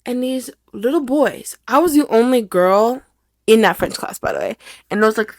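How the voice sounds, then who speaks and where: A young adult woman hosts her own podcast in a candid, casual monologue, talking through her feelings loosely and rambling. Her voice sits on the high side and is expressive, a little mellow, at a moderate pace, full of "like," restarts and free swearing. The recording is dry and studio quality.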